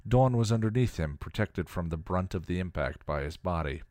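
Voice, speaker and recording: A man reading a piece of fan fiction aloud in a steady storytelling manner. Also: low voice, normal speed, dry recording, studio quality. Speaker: story reader.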